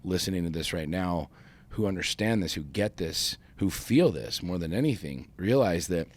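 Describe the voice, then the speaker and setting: A man's voice: sits low, expressive, normal speed. A man co-hosting a podcast, telling a story in casual chat with emphatic, profane phrasing and frequent restarts. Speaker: podcast co-host.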